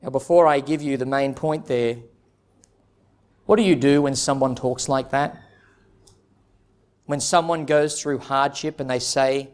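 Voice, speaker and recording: A male pastor preaching an expository sermon in an earnest, emphatic way, with dramatic pauses. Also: mid-range voice.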